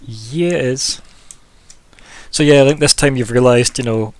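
A man's voice: medium pitch, a little slow, no echo. A man as game master of a tabletop game, chatting casually and throwing in sound effects.

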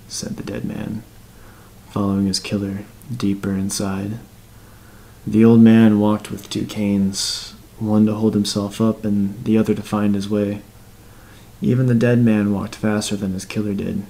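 Gravelly low-voiced male narrator. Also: flat delivery, unhurried, warm tone, low-quality recording. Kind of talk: scripted narration.

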